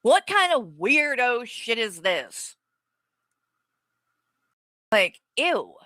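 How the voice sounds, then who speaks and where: A woman's voice: on the high side, big pitch swings, drawn-out words, pushed and bright, no echo. A woman streamer ranting angrily and profanely at her viewers and reading their comments aloud. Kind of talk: live stream rant.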